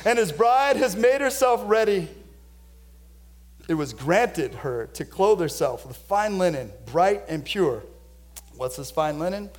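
A male pastor preaching a sermon to his church, moving between quiet, close asides and loud, lifted proclamations. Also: a little high. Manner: dynamic preaching, swings from hushed to loud.

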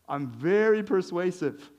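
A male pastor giving a conversational sermon, lively and joking, with chuckles between his points. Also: sits high, slow pace, highs cut off.

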